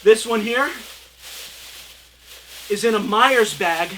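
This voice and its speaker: A channel host giving a comic, overwrought product review, swinging into tearful, preachy shouting. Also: mid-range voice, slow pace, a little hiss or hum. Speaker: reviewer hosting own channel. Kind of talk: comedic over-the-top product review.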